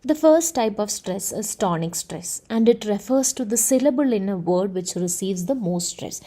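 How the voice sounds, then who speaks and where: A woman giving a lesson on speech sounds. Her voice is mellow and dark in tone, sitting at a middle pitch. She explains in a measured, patient way and checks in with the class as she goes. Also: expressive. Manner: measured, explanatory, filler "uh" and "okay". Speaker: teacher. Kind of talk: explaining phonetics.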